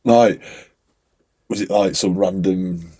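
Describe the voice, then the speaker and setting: A young man co-hosting a podcast, telling stories in an animated, casual way with lots of fillers. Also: sits low, slow pace, breathy edge. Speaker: podcast co-host. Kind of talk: casual chat.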